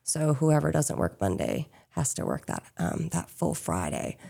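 A woman's voice: low voice, wildly swooping pitch, unhurried, gravelly, dark tone, slightly rough. A woman from Pennsylvania who owns a small business, answering interview questions in a chatty, casual way with frequent "um" and "you know". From Chester County, Pennsylvania.

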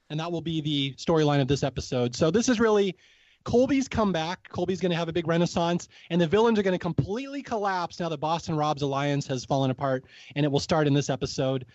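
A man's voice: on the high side, fast, no room sound. A man hosting a podcast, chatting casually and animatedly, acting out quotes as he recaps a show. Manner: animated, acts out quotes, swears and laughs. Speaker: podcast host. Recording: dull lo-fi audio.

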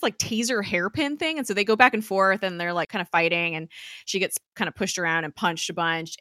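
A woman casually recapping a TV episode as a podcast co-host, animated and laughing often as she acts out the characters' lines. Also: lowish voice, dry recording, clean studio sound. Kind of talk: casual chat.

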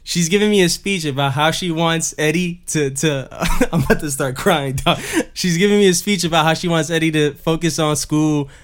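A man's voice: a little high, moderate pace, few pauses. A young man co-hosting a podcast, telling stories in casual chat and breaking into laughter often. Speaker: podcast co-host.

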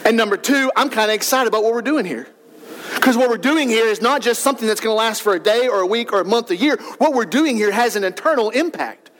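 A male pastor preaches with a strikingly high voice. He talks fast and with emphasis, rising to shouts as he drives his points home. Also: lively intonation. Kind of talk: sermon.

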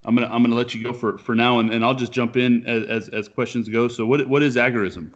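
A man's voice: mid-range voice, steady tone, quick pace, dull audio. A man hosting a podcast from his living room, chatting casually in loose, rambling sentences. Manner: rambling, talks in loose restarts. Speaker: podcast host.

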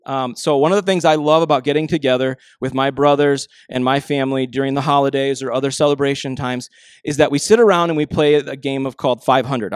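A man preaching a conversational sermon, telling family stories and slowing down softly to stress his points. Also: medium pitch, clean tone, dry recording. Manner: conversational storytelling, animated impressions of family; slows and softens for emphasis. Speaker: pastor.

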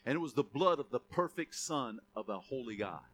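Bright, conversational male pastor. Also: medium pitch, lively intonation, a little fast. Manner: conversational preaching, rising to emphatic calls. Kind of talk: sermon.

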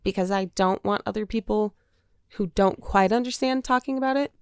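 A woman talks openly in casual podcast chat and laughs often as she goes. Her voice has a gravelly edge but stays smooth. The sound is dry and close. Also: medium pitch, moderate pace, no echo. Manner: chatty, candid, laughs often. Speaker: podcast co-host.

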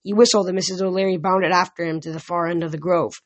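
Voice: medium pitch, fairly even intonation, fast, dry recording, muffled recording. A reader narrating a novel in the first person in a casual way, with small slips and restarts. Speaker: audiobook reader.

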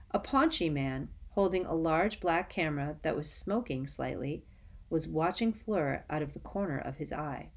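A woman narrates a story with a steady, expressive reading. Her voice sits a little low for a woman. She reads at an even, unhurried pace. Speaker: audiobook narrator. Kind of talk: scripted narration.

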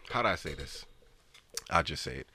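A man's voice: rumbling low, expressive, a little slow, creaky, pushed and bright, husky. A man giving blunt, slangy advice in a casual chat, lecturing his friend.

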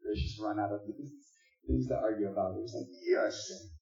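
A man's voice: fairly low pitch, fairly even intonation, brisk, gravelly, mellow. A man preaching a sermon in a conversational, joking way, reading scripture aloud between asides. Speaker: pastor. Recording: distant echoey dull room recording.

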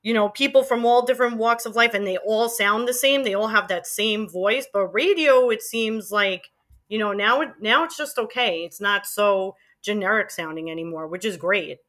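A woman's voice: medium pitch, moderate pace, a bit bright. A middle-aged woman with a Queens, New York accent, chatting casually in an interview about her radio days, laughing often as she remembers. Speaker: guest, former college radio DJ.

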